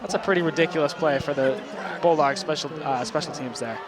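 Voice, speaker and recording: A young man calls a high school football game play-by-play, his slightly high voice climbing with excitement on long runs. The crowd murmurs clearly behind him, and steady outdoor noise fills the stadium. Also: fairly quick. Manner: excited rising calls on big plays. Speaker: play-by-play commentator.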